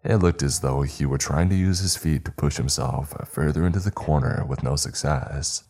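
A man reading a horror story aloud in a measured, steady narration. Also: extremely low pitch, husky, faint music behind.

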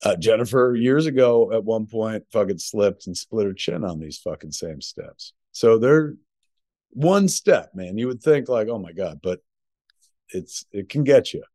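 Middle-aged male podcast co-host, rambling and profane, low voice, dry sound. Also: expressive, a little slow, mellow, no room sound. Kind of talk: casual chat. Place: home.

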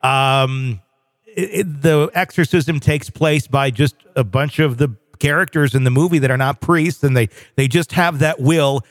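A man's voice: medium pitch, unhurried, dry recording. A man hosting a call-in show, chatting casually in a wry, rambling way with many fillers. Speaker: host. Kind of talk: casual chat.

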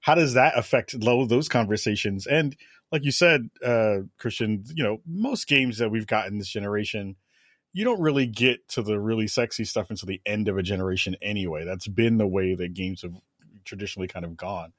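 A man's voice: fairly low pitch, brisk, a bit bright, dry recording, studio quality. Questioning man hosting a chat. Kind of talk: casual discussion.

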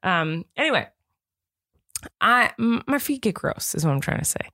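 A woman in her thirties, from Santa Barbara, co-hosting a podcast in casual chat, giggly and animated as she tells stories. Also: medium pitch, moderate pace, no echo, studio quality. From Santa Barbara, California. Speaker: podcast co-host.

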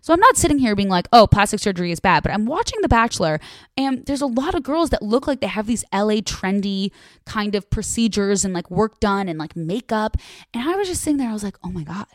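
A woman's voice: medium pitch, very animated, fairly quick, no room sound, studio quality. A young woman from the American Midwest, ranting bluntly and chattily to camera, with plenty of swearing. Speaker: vlogger. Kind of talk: casual rant to camera.

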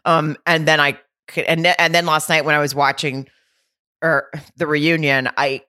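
A woman co-hosting a podcast in relaxed casual chat, wry and quick to laugh. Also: low-pitched, no room sound, clean studio sound. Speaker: podcast co-host. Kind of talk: casual chat about reality TV.

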